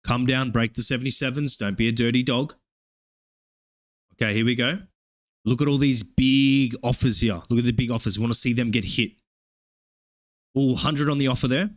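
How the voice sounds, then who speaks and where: A young man from Australia with an Australian accent, streaming live trading commentary in a profane, hyped play-by-play with excited oohs. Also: medium pitch, normal speed, long pauses. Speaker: live-streaming futures trader.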